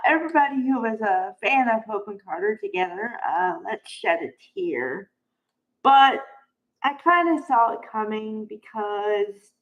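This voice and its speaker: Slow, chatty woman with a lo-fi sound. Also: on the high side. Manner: chatty and opinionated, sighing often. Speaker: soap opera commentator. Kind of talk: casual soap recap vlog. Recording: dull lo-fi recording.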